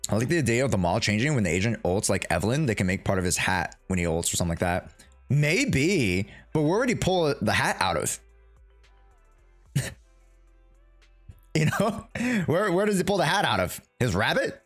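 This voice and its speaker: A man's voice: mid-range voice, sing-song, normal speed, faint music behind. A young man streaming a live game reaction, talking casually in hyped slang and laughing often.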